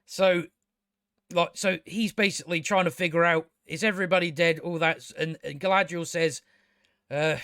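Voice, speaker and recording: A man with a notably high voice tears into a TV episode, sarcastic and exasperated, swearing as he goes. The sound is close and dry, with no room around it. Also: fairly even intonation, normal speed, a bit bright, dry recording. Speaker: TV show reviewer. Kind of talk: casual ranting review.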